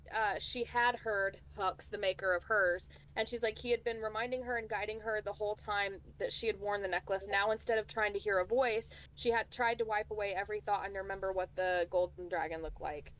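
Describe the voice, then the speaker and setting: Woman co-host, casual book chat, rambling and chatty, middling pitch. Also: fairly even intonation, normal speed, fairly bright tone. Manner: chatty, rambling, many fillers and restarts.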